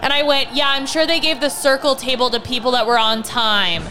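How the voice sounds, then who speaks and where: A woman in her thirties hosting a podcast, telling a story in an animated rant full of swearing and sarcastic mock quotes. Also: high voice, fairly quick. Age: 30s. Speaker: podcast host. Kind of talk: casual storytelling chat.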